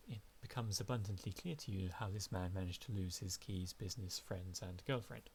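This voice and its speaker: A man streaming a video game live, reading its dialogue aloud in a casual, playful way. His mid-pitched voice has a gravelly, creaky texture. Faint noise sits under his voice. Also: a little fast, hardly any pauses.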